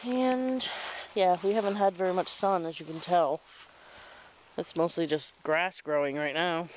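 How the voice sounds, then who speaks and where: A man's voice: high voice, measured pace, a little hiss or hum, poor audio. A man chatting casually as he walks through his outdoor garden in light rain, recorded on a handheld camera. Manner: rambling, chatty. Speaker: vlogger. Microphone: handheld camera mic.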